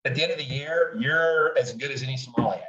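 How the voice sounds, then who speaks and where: A man's voice: mid-range voice, fast talker, fairly bright tone. A middle-aged man talking as a guest in a casual interview, candid and enthusiastic, swearing freely. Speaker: guest, wine writer. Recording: distant, roomy, dull audio.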